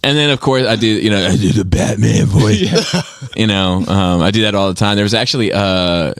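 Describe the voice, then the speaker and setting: A man's voice: on the low side, a little fast, creaky, dry recording, clean studio sound. A man co-hosting a casual podcast, rambling and laughing as he talks. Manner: rambling, laughs often, full of restarts. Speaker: podcast host.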